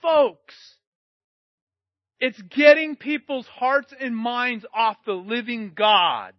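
A middle-aged male pastor with a notably high-pitched voice delivers an impassioned sermon. He drops into quiet anecdotes and then rises to shouted emphasis. The sound is dry and slightly muffled. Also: no room sound. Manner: impassioned, swings between shouting and quiet storytelling.

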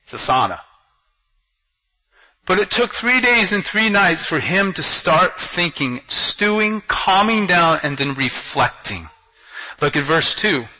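A pastor preaching a sermon, asking rhetorical questions and swinging between loud and hushed delivery. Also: male voice, high-pitched, sing-song, unhurried. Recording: dull lo-fi recording.

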